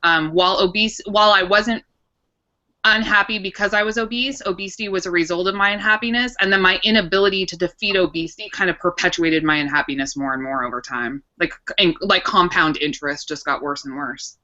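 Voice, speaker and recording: A woman's voice: on the low side, brisk, bright, forceful tone. A woman in her thirties, a guest on a casual chat show, telling her story in a candid, reflective way. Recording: dull lo-fi recording.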